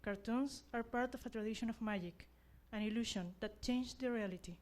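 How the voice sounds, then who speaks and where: A young woman speaks English as a second language, her voice a little high. She gives an earnest graduation speech as class representative, joking about herself and searching for words now and then. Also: darkish tone. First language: not English. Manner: earnest, self-deprecating, halting non-native phrasing.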